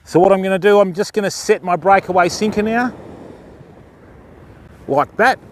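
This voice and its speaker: A man's voice: high voice, normal speed, background noise. An Australian man hosting a live fishing stream outdoors, chatting as he rigs his line and greets viewers in chat by name. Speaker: fishing livestream host. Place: outdoors on a beach.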